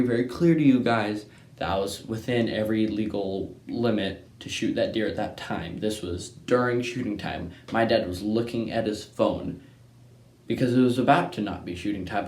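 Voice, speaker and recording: A man's voice: on the low side, a little mellow. A young man from Texas, casually telling a hunting story in a rambling way and often tagging on "right?". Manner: rambling, keeps asking "right?" and saying "anyways". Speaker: hunting channel host. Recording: echoey room with faint noise.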